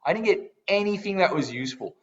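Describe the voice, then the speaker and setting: A man's voice: sits high, animated, fast talker. A man talking through a mobile game in casual commentary, his voice swinging widely up and down as he rants. He swears freely and sounds exasperated. The recording is dull and lo-fi. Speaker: gaming YouTuber.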